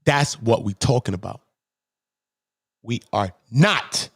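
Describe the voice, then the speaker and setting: A man hosting his own channel, delivering a heated, profane commentary rant that swings between low muttering and high-pitched shouting. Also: very animated, takes it slowly, pauses often. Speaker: channel host.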